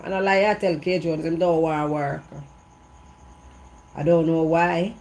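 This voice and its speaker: Low-pitched and a little mellow, the Jamaican vlogger speaks slightly slowly with fairly even intonation. She's outdoors in the evening breeze, telling gossip in patois and driving it home by repeating herself.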